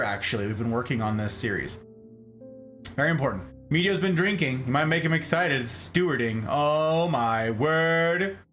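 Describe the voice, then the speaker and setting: A man hosts a live stream and chats casually with his viewers. He greets them one by one and reads their comments aloud in a playful way. His voice sits a little high and swings widely in pitch, with faint music playing underneath. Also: a bit bright. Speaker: streamer host.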